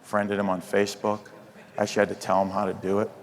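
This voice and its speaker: A man's voice: on the low side, completely flat delivery, fast, gravelly. A man performing live stand-up comedy with playful crowd work at a hotel event. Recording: reverberant hall with crowd noise.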